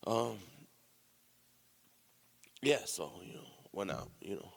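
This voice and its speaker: A man's voice: fairly low pitch, gravelly, fairly bright tone. A man giving an emotional share at a recovery meeting, near tears, talking bluntly with lots of swearing, "you know" and "man". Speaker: member sharing at a recovery meeting. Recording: long hall reverb.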